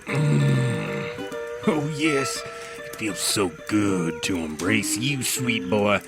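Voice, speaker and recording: Creepy old papa, gravelly, sinister, swooping pitch, background music. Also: male voice, sing-song, drawn-out words, heavily acted. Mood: fawning. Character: creepy doting old man claiming a boy. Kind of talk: comedy audio drama acting.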